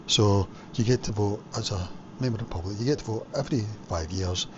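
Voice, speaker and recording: A man's voice: on the low side, brisk. A man from Scotland chatting casually on his vlog while cooking, rambling with lots of fillers. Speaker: vlogger. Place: home kitchen. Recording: lo-fi home recording with background noise.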